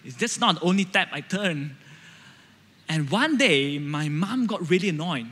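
A Malaysian man in his thirties delivers a sermon with a notably high voice. He talks conversationally, telling stories and checking in with the congregation. His words ring out with the long reverb of a church hall. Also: expressive, unhurried, fairly bright tone, husky. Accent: Malaysian English. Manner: conversational, storytelling, frequent "right?" check-ins. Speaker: preacher.

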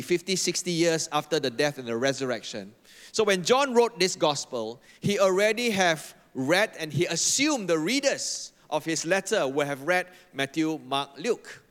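A man's voice: fairly high pitch, a bit bright. A man preaching a sermon as a pastor, emphatic and repeating phrases for effect, leading the congregation in reading aloud together. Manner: leads the congregation in call-and-response reading. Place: church hall. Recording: long hall reverb.

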